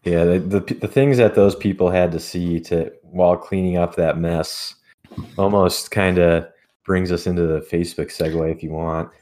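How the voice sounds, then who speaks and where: A man's voice: low voice, fairly even intonation, normal speed, warm tone. A man co-hosting a podcast in casual, joking chat. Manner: joking, teasing. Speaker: podcast co-host.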